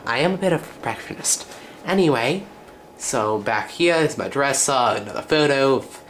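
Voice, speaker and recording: A man's voice: mid-range voice, fairly bright tone. American teen guy doing a fake british accent, rambly and jokey, faint hiss behind him. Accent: put-on British. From United States. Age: teens. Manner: rambling, self-correcting, jokey. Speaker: channel host. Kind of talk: casual room-tour vlog. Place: his bedroom, indoors.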